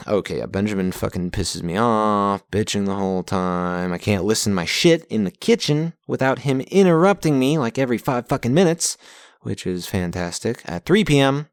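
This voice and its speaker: A man's voice: lowish voice, animated, a little fast, dry recording, clean studio sound. A young man hosting a podcast from home on a pop-filtered mic, recapping his journal week in a casual, sarcastic, profane way and getting easily exasperated. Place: home recording setup.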